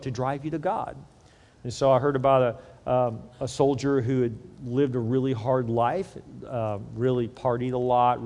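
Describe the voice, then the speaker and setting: A man's voice: mid-range voice, a little mellow. Preaching man in an echoing hall. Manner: conversational, uses everyday examples, repeats words when starting sentences. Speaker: pastor. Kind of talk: sermon. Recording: reverberant hall.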